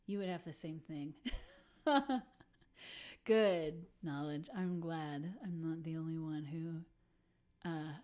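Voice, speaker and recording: A woman's voice: deep voice, slow, long pauses, dark tone. A woman musician hosting a casual livestream, chatting with viewers in a self-deprecating way and laughing often. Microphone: computer or phone mic on a livestream.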